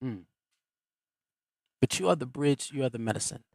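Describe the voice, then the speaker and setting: A man's voice: mid-range voice, gravelly, dry recording, poor audio. A middle-aged man hosting a live stream, giving a motivational teaching in a folksy, preacherly way. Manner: animated, preacherly, folksy and quick. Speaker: host.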